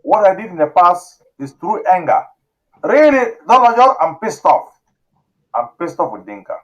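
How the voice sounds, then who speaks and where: A man's voice: very animated, normal speed, a bit bright. Host guy, emotional and pleading, voice jumps all over, kinda muffled audio. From South Sudan. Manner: emotional, pleading, repeats phrases, voice swings high and low. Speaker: talk show host. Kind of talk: impassioned call-in talk show.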